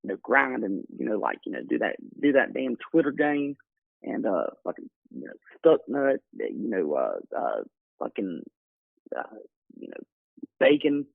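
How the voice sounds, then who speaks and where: A man's voice: lowish voice, big pitch swings, normal speed, creaky, husky, no room sound. A male caller rambling on a radio show, with heavy fillers and some swearing. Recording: dry tinny phone line.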